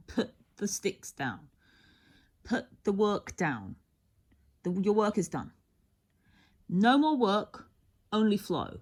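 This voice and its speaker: Giving a tarot reading, a woman speaks slowly at medium pitch with very animated delivery and long pauses. Her talk wanders and muses, breaking off mid-sentence, and at times she nearly whispers.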